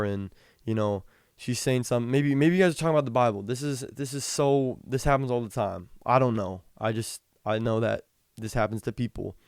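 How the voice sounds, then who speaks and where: A young man hosting a podcast, talking casually about the Bible, reading scripture slowly and rambling with frequent restarts. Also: mid-range voice, a little mellow, clear, resonant tone, no echo, clean studio sound. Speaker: podcast host. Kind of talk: casual Bible teaching talk.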